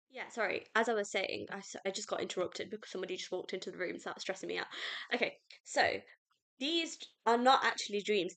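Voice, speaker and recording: A British woman hosts a casual solo podcast reviewing books, rambling and gushing with lots of fillers. Her mid-range voice is a bit bright.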